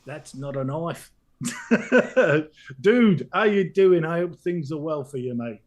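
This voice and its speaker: A man co-hosts a casual live stream, playfully reading out viewer names and breaking into loud laughter. His voice sits high and swoops widely. He talks at an unhurried pace. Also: lively intonation.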